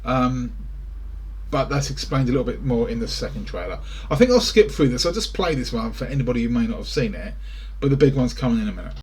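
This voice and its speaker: A man's voice: medium pitch, expressive, fast talker, darkish tone, slight background noise. A British man rambling through a casual reaction to film trailers, full of wry asides, recorded indoors in front of a greenscreen.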